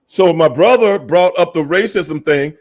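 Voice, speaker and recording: Podcast co-host, male, pitched a bit high, forceful, repeats himself, swears freely. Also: unhurried. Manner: emphatic, profane, repeats points. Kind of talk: casual podcast debate.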